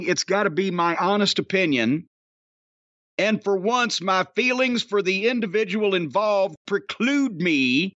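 A man hosting a podcast in casual, profane, rambling chat, his voice getting hoarse. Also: high-pitched, no echo, muffled recording. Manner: rambling, animated storyteller, profane. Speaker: podcast host.

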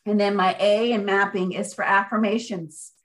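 A woman author being interviewed, speaking in an energetic, motivational way and driving her points home with repetition. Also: medium pitch, moderate pace, rough recording. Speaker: author guest. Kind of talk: conversational interview.

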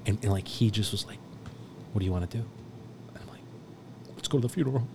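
Man, deep-ish, from South Texas; raw storyteller, swings loud to hushed, swears freely; noisy recording. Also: a little fast, vocal fry. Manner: animated, swearing, swings from loud laughing to hushed near-whispers. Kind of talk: casual storytelling chat.

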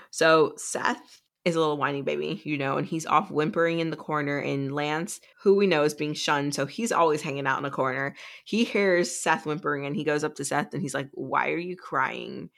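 A woman's voice: deep voice, steady tone, fairly quick, few pauses. A woman co-hosting a podcast, casually recapping a book in a chatty way, with lots of fillers. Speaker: podcast co-host.

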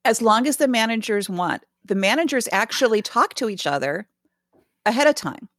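A woman's voice: on the high side, lively intonation, normal speed, no room sound, clean studio sound. An older woman co-hosting a casual sports podcast, explaining things patiently with easy humor. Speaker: podcast co-host. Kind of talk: casual chat.

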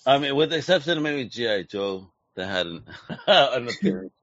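Excitable slang-talking male interview host. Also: medium pitch, normal speed, no room sound, muffled recording. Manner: slangy, excitable, hype-driven. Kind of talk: casual interview chat.

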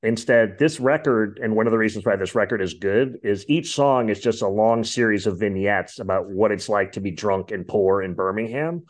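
Speaking at a moderate pace in a lowish voice with hardly a pause, a man hosts a podcast. His casual talk about music wanders, packed with fillers and side remarks.

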